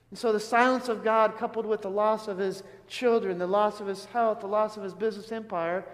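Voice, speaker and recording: A man's voice: high voice, fairly even intonation, fairly quick, hardly any pauses, in a large hall. A man preaching a sermon in an earnest, questioning way, often asking his listeners something. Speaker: pastor.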